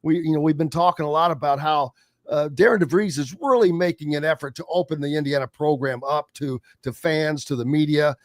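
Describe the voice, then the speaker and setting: Give me a male sports radio host with a slightly high voice who talks haltingly, with lots of fillers, recorded dry and close. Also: dry recording. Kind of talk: casual sports radio chat. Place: radio studio.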